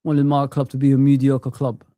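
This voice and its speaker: A man's voice: mid-range voice, completely flat delivery, moderate pace, mellow, dry recording. A man in his thirties or forties ranting with passion on a live football watch-along stream, sweary and peppering his talk with "man". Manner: impassioned ranting, sweary, frequent "man" tags.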